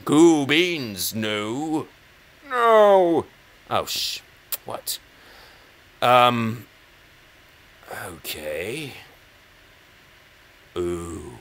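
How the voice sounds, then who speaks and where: Chatty English man with gravelly bright voice. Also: medium pitch, very animated, drawn-out words, pauses often. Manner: rambling, self-mocking, talks to himself and the opponent. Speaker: chess channel host. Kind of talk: casual commentary over a chess game.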